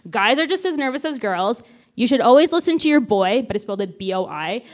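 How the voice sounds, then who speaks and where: A woman's voice: on the high side, big pitch swings, brisk. A woman reading her teenage diary aloud at a live show, with a wry, playful delivery. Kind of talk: reading old diary entries aloud on stage. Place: live show with audience laughter.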